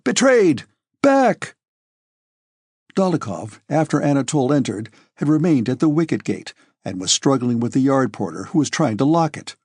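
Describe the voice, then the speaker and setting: A male audiobook narrator with a husky voice at a middle pitch, reading in a measured, steady way. The recording is close and dry, with no room sound. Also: dry recording.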